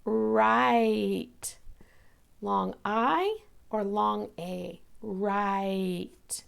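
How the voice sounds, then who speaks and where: Woman teacher, recorded lesson for little kids; slow, patient, very gravelly. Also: medium pitch. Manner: slow, patient, stretches out sounds and words. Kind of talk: remote classroom lesson for young children.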